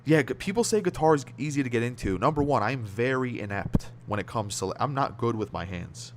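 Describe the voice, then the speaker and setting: A man's voice: mid-range voice, lively intonation, a little fast, a little hiss or hum. Rambling, slangy American guy streaming. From United States. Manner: rambling, slangy, laughs often, trails off mid-word. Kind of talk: casual livestream chat reading viewer comments.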